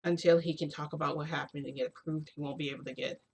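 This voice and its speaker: A woman's voice: low voice, fairly even intonation, quick pace, creaky, a little mellow, husky. A young woman vlogger casually telling a long story to her viewers, rambling with many fillers and frequent laughs.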